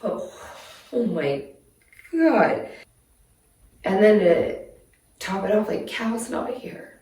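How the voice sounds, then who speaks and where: A woman's voice: mid-range voice, big pitch swings, takes it slowly, darkish tone. Female vlogger, upset and rambling, recorded from a distance with roomy echo. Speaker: DIY vlogger. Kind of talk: emotional life-update vlog. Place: outdoors in her yard at night. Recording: echoey, distant from the mic.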